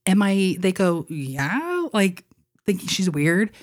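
A young woman with a fairly low voice tells a personal story on a podcast. She is chatty and laughs often, and her speech is full of casual fillers. The feel is a relaxed conversation between co-hosts. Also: slow. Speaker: podcast co-host.

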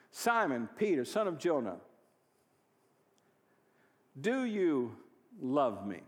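A pastor preaching a sermon, moving from quiet storytelling to loud, fervent exhortation. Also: male voice, mid-range voice, long reverb tail. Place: church hall.

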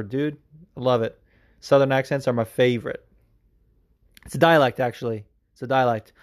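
A man hosting a podcast, answering listener questions in a rambling, profane, enthusiastic way. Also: mid-range voice. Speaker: podcast host. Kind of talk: casual chat.

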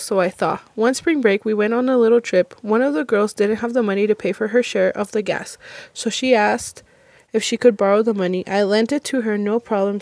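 A woman's voice: medium pitch, darkish tone, dry recording. A young woman from Texas hosting a casual podcast with a friend, laughing a lot, swearing casually and reading listener stories aloud. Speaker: podcast host.

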